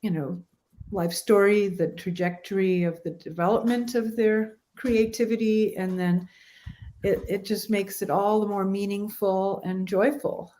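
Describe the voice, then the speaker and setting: A woman's voice: medium pitch, steady tone, measured pace, dark tone. A woman co-hosting a live stream interview, speaking enthusiastically. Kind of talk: casual interview conversation.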